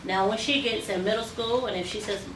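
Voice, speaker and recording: A woman hair stylist with a mid-range voice talks a little fast as she walks through her work step by step in a salon demo. She is chatty and says "um" often, and the roomy, distant recording captures background salon sounds.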